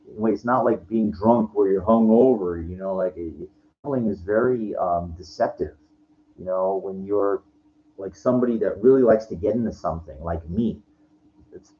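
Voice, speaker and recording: Profane, low-voiced man ranting. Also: dark tone. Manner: profane, rambling, with many restarts. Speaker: vlogger. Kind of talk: frustrated personal rant to camera. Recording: lo-fi with faint background noise.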